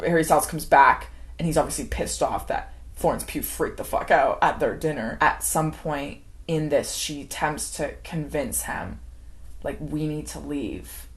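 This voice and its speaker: A young adult woman giving an unscripted, chatty movie recap, full of "like" and laughter. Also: low voice. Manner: chatty, heavy use of "like", acts out quoted characters, laughs often. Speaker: film commentary vlogger.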